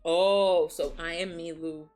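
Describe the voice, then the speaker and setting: A woman streamer from Nigeria with a fairly low voice chats loosely and teasingly, laughing easily and sounding a bit tipsy. Faint music plays under her streaming mic. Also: fairly even intonation, takes it slowly, darkish tone. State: tipsy from beer. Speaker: streamer host. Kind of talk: casual chat.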